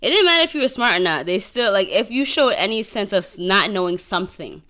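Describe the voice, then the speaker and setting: A woman co-hosting a podcast, chatting casually in an expressive way and laughing often. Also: medium pitch, fairly quick. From Haitian family. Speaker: podcast co-host. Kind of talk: casual chat.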